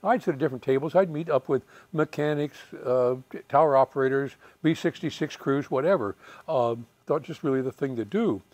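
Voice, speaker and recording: A man in his eighties, a retired fighter pilot telling lively war anecdotes, chuckling and acting out the voices of people he quotes. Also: mid-range voice, brisk, no echo. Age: 80s. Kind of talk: storytelling anecdotes.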